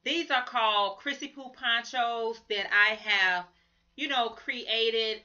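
A chatty woman shows off her crochet work in a relaxed vlog, calling viewers "y'all" and gushing over each piece. Her voice is bright and forward but unhurried, with a slightly worn edge. The recording sounds a bit dull and lo-fi. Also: on the high side. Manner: chatty, enthusiastic, addresses viewers as "guys" and "y'all". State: losing her voice. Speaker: crochet channel host. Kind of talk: casual show-and-tell vlog.

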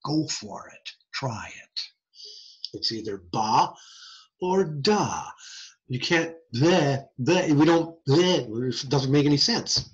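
A man lectures in a loose, joking way, his voice sitting high and swinging widely in pitch. The recording sounds somewhat dull and lo-fi, like a screen-share session. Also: slow pace, long pauses. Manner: lively, conversational, jokey. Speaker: hearing science lecturer. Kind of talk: informal lecture.

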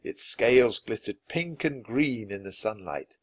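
Expressive man reading a children's book aloud. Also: fairly low pitch, unhurried. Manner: expressive, dramatic. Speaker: storyteller.

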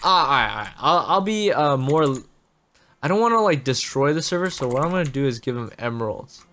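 A man hosting a gaming channel, giving excitable gameplay commentary straight to his viewers. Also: medium pitch, fairly quick.

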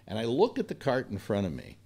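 Older man ranting with lively pitch. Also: fairly quick, husky. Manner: blunt, profane, exasperated storytelling. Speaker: radio talk host. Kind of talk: rambling personal anecdote.

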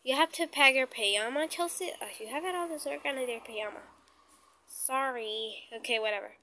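A woman doing a bossy big-sister doll who fusses and gives orders. Her voice is high and clear, and a soft hiss sits faintly behind her. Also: brisk, poor audio. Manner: bossy and fussy. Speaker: doll play voice. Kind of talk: doll play role-play.

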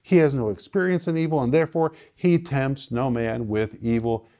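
A male preacher teaching a sermon, emphatic and repetitive, with sudden swings in loudness and pitch. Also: normal speed. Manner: emphatic, repeating phrases with sudden dynamic swings.

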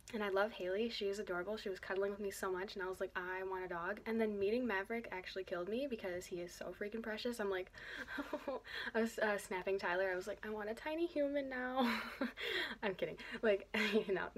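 A chatty young woman films herself for a casual vlog, speaking at an ordinary middle pitch. She rambles from one point to the next, packs her sentences with fillers, and laughs often as she talks to her cousin. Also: fairly quick, husky. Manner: rambling and chatty, many fillers, drifting off topic. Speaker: vlogger. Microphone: camera she is filming herself with.

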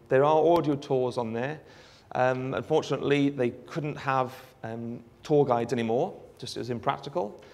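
A Welsh man giving a live demonstration of a phone app, explaining in a relaxed way with frequent ums. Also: medium pitch, gravelly. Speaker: app developer giving a presentation. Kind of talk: live product demo talk.

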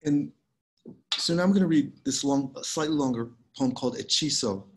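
A man reading his own poems aloud on a video call, measured and unhurried with pauses between lines. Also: medium pitch, faint music behind, rough recording. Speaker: poet reading his work. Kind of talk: poetry reading.

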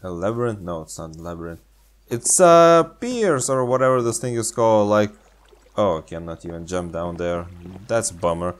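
A man's voice: lowish voice, expressive, moderate pace. A man playing a game and commenting casually, sarcastic and playful, in slightly non-native English. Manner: sarcastic, playful, speaks English as a second language. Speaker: gaming channel host.

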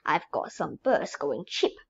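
A woman's voice: deep voice, very animated, slow pace, gravelly, slightly rough, lo-fi sound, heavily acted. A woman reading a children's storybook and voicing a cheerful, jokey male cart seller. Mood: jolly. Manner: storybook reading voice, bright on the calls.

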